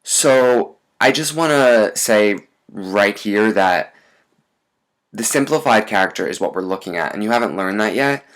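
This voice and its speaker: A man's voice: on the low side, a bit bright. A man teaching in a recorded lesson, explaining step by step and often checking in with "right?". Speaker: language teacher.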